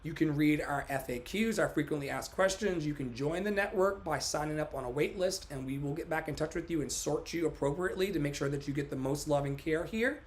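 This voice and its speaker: A man's voice: on the high side, brisk, hardly any pauses, a little hiss or hum. A man hosting a motivational livestream, reciting a poem dramatically and joking with viewers between readings. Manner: dramatic, emphatic poetry recitation mixed with joking asides. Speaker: life coach and livestream host.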